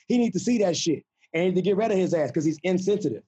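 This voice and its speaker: A man's voice: high-pitched, animated, rapid-fire, warm tone, husky. Man, podcast host, emphatic, profane, casual chat, dull muffled sound. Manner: emphatic, profane, argues his point. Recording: muffled lo-fi recording.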